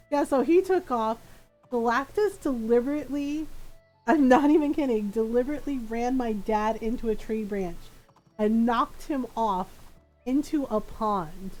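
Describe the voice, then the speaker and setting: Woman streamer, casual storyteller, mid-high voice, animated, acts out quotes; soft music bed. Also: rough recording.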